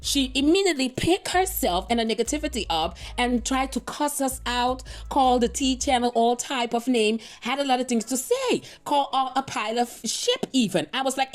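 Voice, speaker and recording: A young adult woman talks through the latest gossip in a casual vlog, sassy and playful, breaking into laughs. Her voice sits fairly high and swings all over the place as she throws out rhetorical asides. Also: normal speed, hardly any pauses. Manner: animated, playful, laughs often. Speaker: gossip news vlogger.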